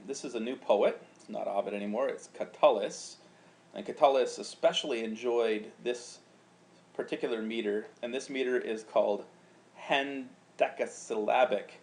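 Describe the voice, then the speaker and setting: A man's voice: mid-range voice, vocal fry, a little mellow. A man teaching, explaining grammar patiently and chanting out rhythms syllable by syllable. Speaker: Latin teacher. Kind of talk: recorded lecture.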